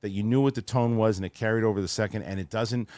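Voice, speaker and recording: A man's voice: fast talker, no room sound. A middle-aged man hosting a casual movie podcast, talking animatedly and sometimes mimicking voices. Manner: animated, mimics voices mockingly in high squeaky tones. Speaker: show host.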